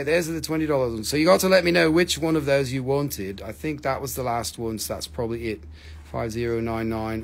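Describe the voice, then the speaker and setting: A man hosting a live stone sale stream, joking and rapidly reading out prices and item codes. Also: mid-range voice, fairly bright tone. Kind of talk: live stream sales chat.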